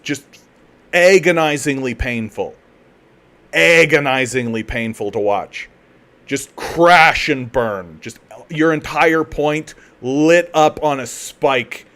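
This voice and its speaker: A man's voice: a little high, fairly bright tone. A man from Canada hosting a political commentary livestream and reading chat. He rants heatedly, swears often and restarts his sentences again and again. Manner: profane, heated ranting with repeated restarts.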